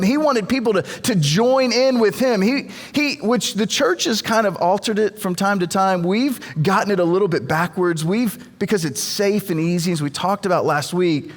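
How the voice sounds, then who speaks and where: A man's voice: sits high, normal speed, few pauses. A man preaching a sermon as pastor, telling stories in a conversational way and often repeating words as he goes. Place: church. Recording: long reverb of a church hall.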